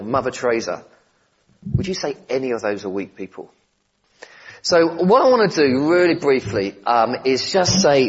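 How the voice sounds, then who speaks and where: A man preaching a sermon in a relaxed, conversational way, with gentle humour and asides to the congregation. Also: mid-range voice, slightly rough, lo-fi sound.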